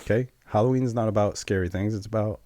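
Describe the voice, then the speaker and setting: Chill guy on a podcast, lowish voice, says things twice, dry close sound. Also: fast talker, mellow, dry recording. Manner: laid-back, repeats himself. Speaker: podcast co-host. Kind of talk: casual chat.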